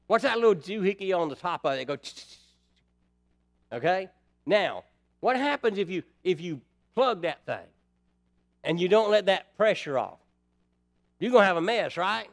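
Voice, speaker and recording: A man's voice: high voice, animated, moderate pace, pauses often. A man preaching a sermon in a folksy way, putting rhetorical questions to the congregation.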